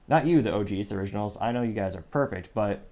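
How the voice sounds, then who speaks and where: A man's voice: on the low side, fast talker, dark tone. A man from the United States hosting a casual commentary show with sarcastic, joking asides. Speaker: host.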